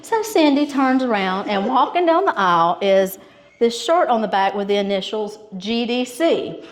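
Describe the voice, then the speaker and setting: At a school banquet hall, a woman with a Georgia Southern accent presents awards, telling a humorous story and laughing often. Her voice is a little high and expressive at a normal speed, and audience laughter fills the hall.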